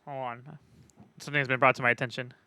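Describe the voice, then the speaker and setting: A man's voice: mid-range voice, little pitch movement, fast, bright, forceful tone, a little hiss or hum. A man chatting casually on a live stream, judging game maps, profane and joking with frequent laughter.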